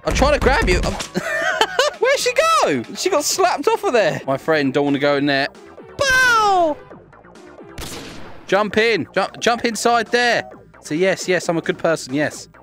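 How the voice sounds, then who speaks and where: Giggly high-voiced young man. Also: huge pitch swings, moderate pace, over music. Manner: giggly, teasing, laughs often. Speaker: gaming video host. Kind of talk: playful gameplay commentary.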